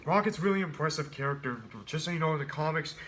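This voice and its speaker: A man's voice: on the high side, fast, noisy background. A man casually reviewing a film, rambling with many restarts and fillers. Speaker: movie reviewer.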